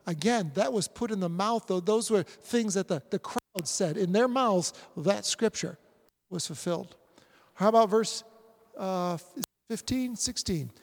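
A man in his forties preaching a sermon, animated and acting out scripture scenes. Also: sits high, normal speed, long reverb tail. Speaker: pastor.

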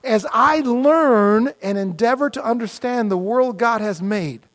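High-voiced male pastor preaching. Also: unhurried, hardly any pauses. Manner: animated, conversational preaching with mock dialogues. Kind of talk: sermon.

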